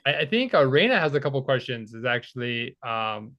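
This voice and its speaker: A man hosting a group call, encouraging the speaker in a halting way with many fillers. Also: medium pitch, very animated, bright, forceful tone. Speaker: host. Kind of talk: casual chat on a group call. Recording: muffled, dull call audio.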